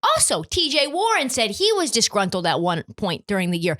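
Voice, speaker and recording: A woman's voice: high voice, wildly swooping pitch, fairly quick, hardly any pauses, fairly bright tone. A young woman hosting a sports podcast, ranting in an emphatic, profane, opinionated way. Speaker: podcast host.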